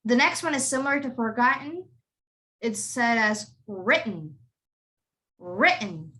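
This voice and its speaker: Bright-voiced woman teaching pronunciation. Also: high voice. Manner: repeats words slowly, asks students to echo them. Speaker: accent tutor. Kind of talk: online pronunciation lesson.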